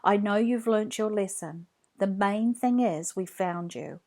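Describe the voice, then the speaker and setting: A woman's voice: mid-range voice, a little slow, mellow. A woman reading a children's storybook aloud, voicing a caring father who speaks firmly but kindly. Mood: reassuring. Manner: firm, then reassuring.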